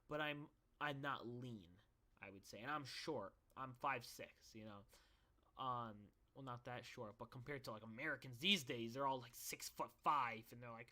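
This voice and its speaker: A young vlogger with a mid-range voice, pushed and bright at normal speed, tells stories in a loose, rambling monologue. He jokes at his own expense throughout.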